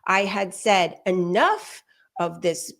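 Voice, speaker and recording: A woman in her fifties hosting a talk show, chatting casually and quoting herself and others in lively asides. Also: fairly low pitch, slow, creaky. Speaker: podcast host. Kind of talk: casual chat, personal storytelling.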